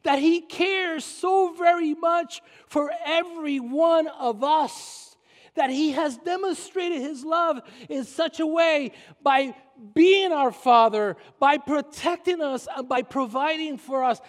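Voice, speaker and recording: A man with a Puerto Rican accent preaching a sermon as pastor, emphatic and repetitive, slowing down to stress his points. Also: very high voice. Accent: Puerto Rican Spanish. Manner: emphatic, repeats phrases and slows down for stress. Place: church sanctuary. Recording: long reverb of a church hall.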